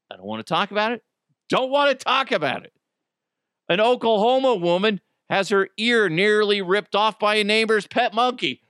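A man's voice: high-pitched, fairly bright tone, dry recording, studio quality. A middle-aged man hosting a casual solo podcast, ranting in an exasperated, profane way and telling stories with lots of animation. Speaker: podcast host.

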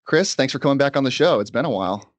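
A man's voice: mid-range voice, expressive, dry recording, dull audio. Dry-sounding podcast host man. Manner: conversational, quick asides. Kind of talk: casual sports podcast chat.

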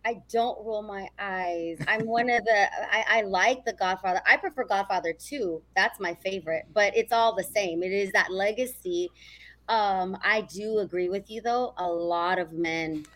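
A woman's voice: mid-range voice, normal speed, a bit bright. Upbeat woman podcast co-host. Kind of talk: casual chat.

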